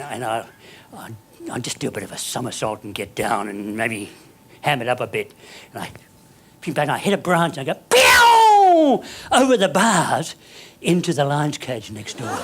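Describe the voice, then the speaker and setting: An older man, telling a story to an audience in an animated, hammy way that climbs up to shouting. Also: fairly high pitch, a little hiss or hum.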